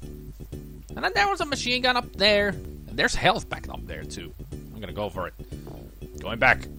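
A man doing a let's play commentary, grumbling and mumbling to himself and bursting into shouted curses. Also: medium pitch, huge pitch swings, unhurried, gravelly, soft background music. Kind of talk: frustrated gameplay commentary.

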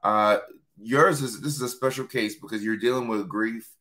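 A man hosting a casual live-stream talk, a little hoarse, chatting and reading out viewer comments. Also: lowish voice, moderate pace, pushed and bright. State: hoarse from yelling. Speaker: host.

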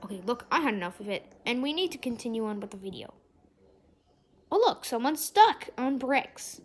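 High, lively young female gamer. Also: moderate pace, breathy edge. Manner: excitable, shrieks and exclaims often. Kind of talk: gameplay commentary.

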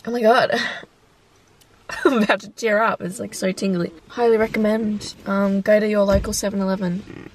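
A woman's voice: medium pitch, distant mic, slight background noise. A young Australian woman chatting casually and giggling as she films a vlog from inside her car. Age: young adult. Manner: giggly, chatty, self-mocking. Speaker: vlogger. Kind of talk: casual chat while driving.

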